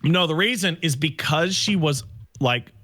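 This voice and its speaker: A man co-hosting a podcast, telling a story in a casual, animated way and acting out the dialogue himself. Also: fairly high pitch, measured pace. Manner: animated, acts out quoted dialogue. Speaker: podcast co-host.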